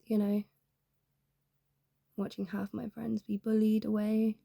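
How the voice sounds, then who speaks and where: A woman's voice: mid-range voice, completely flat delivery, takes it slowly, creaky, dark tone, husky, no echo, clean studio sound. A young woman talking in a rambling, candid way, full of fillers, in a casual confessional vlog. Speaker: YouTuber.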